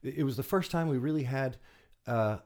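A man, an actor guest, talking in a casual podcast interview, with halting speech full of restarts and quick laughs. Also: mid-range voice, darkish tone.

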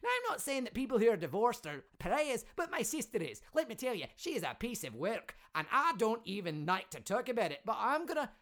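A man's voice: very high voice, big pitch swings, fairly quick, hardly any pauses, a bit bright, exaggerated voice. A man voicing a brash, rambling Scottish patriot man in a kilt, boastful and self-contradicting, with a Scottish accent, as a comedy podcast character bit. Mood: ranting.

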